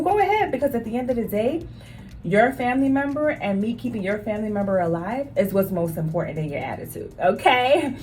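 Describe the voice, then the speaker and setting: A woman's voice: a little high, big pitch swings, a little fast, darkish tone, faint music behind. A woman who works as a nurse, talking straight to her viewers in an emphatic, casual storytelling vlog. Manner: emphatic, talks straight to viewers, repeats phrases for stress.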